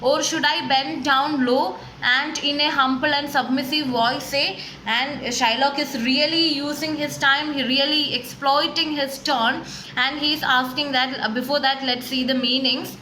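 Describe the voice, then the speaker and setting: A woman's voice: sits high, steady tone, moderate pace, pushed and bright. A woman teacher explaining a play to a class, paraphrasing lines with many restarts and fillers. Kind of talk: classroom literature lesson. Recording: echoey room with faint background noise.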